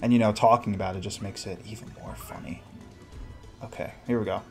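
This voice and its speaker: A young man hosting a casual solo let's play, cursing, mocking himself and yelling at the game as he plays. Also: on the low side, steady tone, a little fast, faint music behind. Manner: profane, self-mocking, shouts at the game. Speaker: gaming podcast host.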